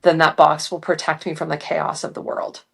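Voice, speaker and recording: A woman's voice: deep voice, flat delivery, moderate pace, creaky, a bit bright. A middle-aged woman talking as an interview guest, reflective and earnest, with frequent "you know" fillers. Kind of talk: casual interview chat.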